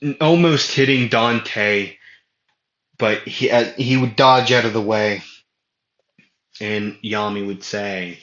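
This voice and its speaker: A man's voice: lowish voice, takes it slowly, pauses often, fairly bright tone. A man casually telling an improvised fan story, rambling with lots of fillers and self-corrections. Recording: muffled lo-fi audio in an echoey room.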